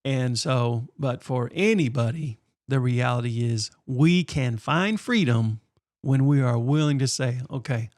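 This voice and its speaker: A man's voice: medium pitch, unhurried, a little mellow, no echo, clean studio sound. A man who is a pastor, co-hosting a faith podcast in casual chat, laughing often and turning urgent and emphatic when he exhorts listeners.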